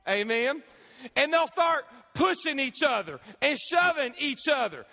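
A man, preaching a sermon as pastor, animated, with call-and-response questions to the congregation. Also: very high voice, measured pace. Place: church sanctuary. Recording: echoey church hall.

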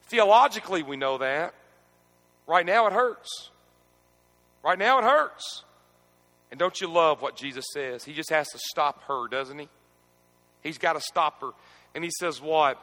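A man preaching a sermon, asking the congregation to repeat scripture with him and moving between quiet reflection and emphatic questioning. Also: a little high, animated, moderate pace, long pauses, big-room sound. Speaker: pastor. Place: church.

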